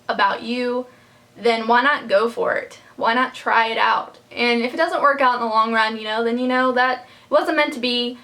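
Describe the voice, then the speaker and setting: A woman's voice: a little high, bright, forceful tone. A young woman vlogging about her personal life, heartfelt and rambling, close to tears. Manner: heartfelt, rambling, many fillers and restarts. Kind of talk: personal storytime vlog.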